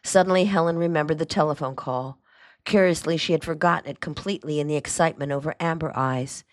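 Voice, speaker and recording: Woman host, measured storytelling, low pitch, dry close sound. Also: dry recording. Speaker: host and reader. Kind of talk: reading a novel aloud.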